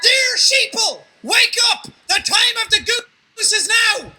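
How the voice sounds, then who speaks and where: Woman putting on a goose voice, high-pitched, swooping, bright, shouty, video game commentary, faint music. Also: lively intonation, slow pace, full character voice. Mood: rallying. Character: rabble-rousing goose calling geese to revolt.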